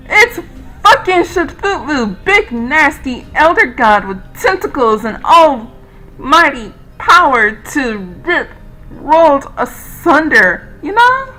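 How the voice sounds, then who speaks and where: A woman's voice: fairly high pitch, bright, forceful tone, heavily acted, low-quality recording. A woman doing a shrieking panicky young guy. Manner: shrieking, laughing, sarcastic. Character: panicky young male gamer, loud and excitable.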